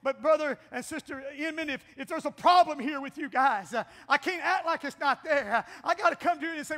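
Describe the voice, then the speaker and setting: A middle-aged pastor preaching with a very high, bright, piercing voice. His folksy, animated delivery keeps lifting into exclamations, and it rings through a church with a long hall reverb. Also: brisk, hardly any pauses. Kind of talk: Pentecostal sermon. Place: church sanctuary.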